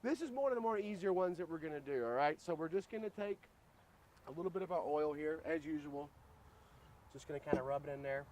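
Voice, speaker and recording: A man's voice: on the high side, animated, quick pace, darkish tone, a little hiss or hum. Chatty man hosting an outdoor grill demo. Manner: joking, chatty, addresses viewers as guys. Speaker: grill cooking show host. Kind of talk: casual cooking demo.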